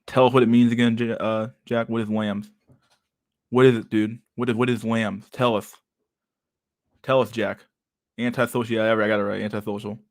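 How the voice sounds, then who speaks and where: Guy streaming and reacting to pics, swears nonstop, rambles and laughs a lot, kinda low voice. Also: little pitch movement, normal speed, pauses often. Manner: profane, rambling, laughs often. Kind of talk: casual livestream commentary.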